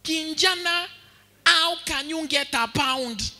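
A man imitating an angry male physics teacher with a heavy Kamba accent, scolding a student slowly and emphatically. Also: extremely high pitch, sharp tone, pitched above the performer's own voice, full character voice. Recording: reverberant hall.

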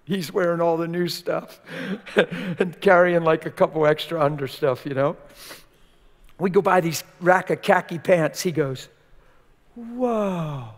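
Older male preacher, colloquial and animated storyteller, fairly high voice, reverberant church. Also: measured pace. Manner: colloquial, animated, acts out quoted dialogue. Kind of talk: sermon storytelling. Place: church sanctuary.

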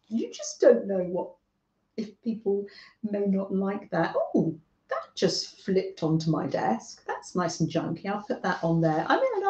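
A woman from northern England who hosts a craft livestream, chatting gently with viewers by name and often laughing as she works. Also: mid-range voice. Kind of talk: casual chat with live viewers while crafting. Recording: echoey room, dull lo-fi sound.

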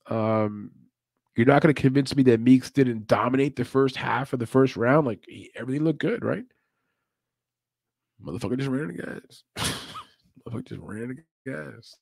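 A man's voice: medium pitch, a little mellow, no echo. A man hosting a casual live show, talking loosely with many laughs and asides. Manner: laid-back, chatty, laughs often. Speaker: podcast host.

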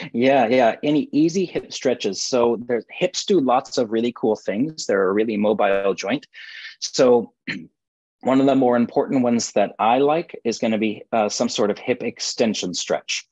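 A man's voice: mid-range voice, a little slow, a little mellow, breathy edge. A man, a physical therapist, guiding a live stretching session in a playful, goofy, self-mocking way, heard over a video call. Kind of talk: guided exercise instruction.

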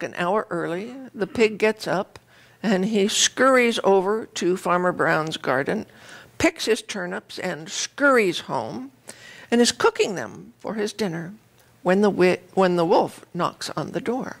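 A woman minister giving a conversational sermon, retelling a fairy tale with lively, animated storytelling. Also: medium pitch, unhurried, creaky.

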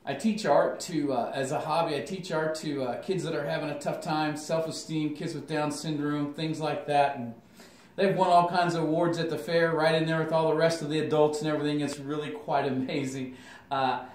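A man's voice: fairly high pitch, steady tone, moderate pace. A middle-aged man talking casually on his own channel, folksy and rambling with lots of fillers and restarts. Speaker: channel host. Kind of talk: rambling casual vlog talk. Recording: echoey room, mic at a distance.

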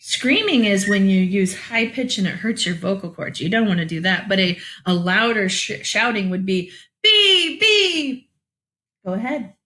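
A woman teaching a children's music lesson, upbeat and praising as she gently gives instructions. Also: medium pitch, normal speed, hardly any pauses.

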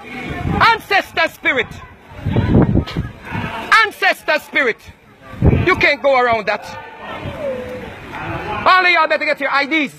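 A man with a strikingly high voice hurls loud, repetitive taunts in a heated confrontation on the street. A noisy crowd surrounds him outdoors. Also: expressive, slow pace, long pauses. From Jamaica.

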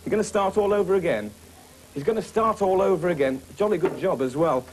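A man hosting a children's puppet show, playing a brisk, jovial teacher who scolds his puppets. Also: sits high, expressive, slight background noise.

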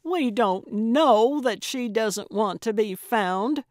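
A woman's voice: medium pitch, a little slow, no room sound, clean studio sound, lightly acted. A woman voicing an eager, fussy older woman amateur sleuth, earnest and flustered in an audiobook. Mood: insistent.

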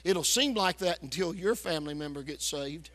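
A loud, hard-driving preacher delivers a storytelling revival sermon. His voice sits high and sounds bright and forceful. The long reverb of a church sanctuary trails every phrase. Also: normal speed. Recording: echoey church hall.

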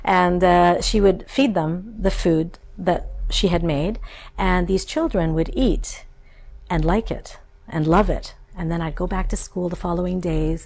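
Creaky-voiced woman telling stories. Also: lowish voice, a little slow, slight background noise. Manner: warm storytelling, acts out childhood voices. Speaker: chef and cookbook author. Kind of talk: interview conversation.

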